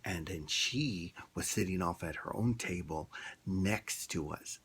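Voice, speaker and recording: A man's voice: low-pitched, measured pace, a bit bright, breathy edge. A man ranting bluntly in a rambling, casual opinion monologue. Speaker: vlogger.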